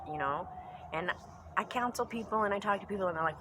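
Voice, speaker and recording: A woman's voice: on the low side, expressive, normal speed, background noise. A woman giving a casual spoken reflection as a pagan spiritual vlogger at home, earnest and rambling, repeating phrases for emphasis and trailing off into asides. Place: home basement room.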